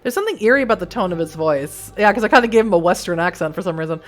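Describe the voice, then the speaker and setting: A hoarse woman streamer reading a story game aloud and chatting along. Her pitch is lively and bouncy, and her delivery is animated and playful. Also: racing, faint music behind. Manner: animated, laughs between lines.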